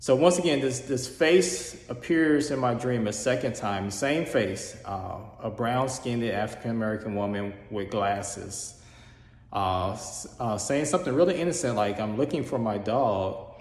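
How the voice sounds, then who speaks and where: A man earnestly telling a personal experience in a casual, halting way, with frequent restarts. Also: mid-range voice, animated. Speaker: storyteller sharing a personal experience. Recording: roomy hall reverb.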